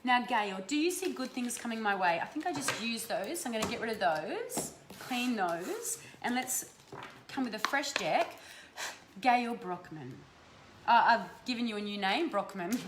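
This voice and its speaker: A woman's voice: a little high, big pitch swings, measured pace. An Australian woman hosting a live stream of energy readings, casual and affectionate, swearing freely. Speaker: host giving energy readings. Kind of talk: live-stream chat with viewers. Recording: roomy echo, faint background noise.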